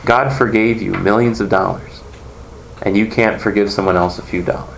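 A man's voice: fairly low pitch, steady tone, moderate pace, vocal fry. A man teaching a conversational Bible lesson, earnest as he explains and questions the class. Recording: echoey room, faint background noise.

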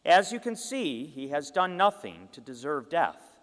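A man's voice: fairly high pitch, big pitch swings, unhurried, a bit bright. A man reading the lines of a troubled male Roman governor, pleading and questioning insistently. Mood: reasoning. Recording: long hall reverb.

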